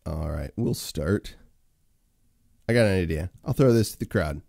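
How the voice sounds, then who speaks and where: A man's voice: low-pitched, very animated, moderate pace, creaky, dark tone, dry recording, clean studio sound. A man hosting a casual solo livestream, rambling with many fillers and talking to his chat viewers. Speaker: livestream host.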